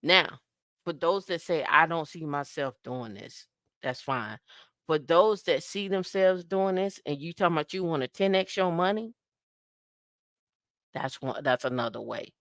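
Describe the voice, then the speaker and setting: A woman co-hosting a podcast, talking casually and telling stories with lively, acted-out dialogue. Her voice is bright and crisp. It sounds dry and close, with no room echo. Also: deep voice, measured pace. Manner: lively storyteller who acts out dialogue; emphatic, repetitive advice-giving. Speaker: podcast co-host.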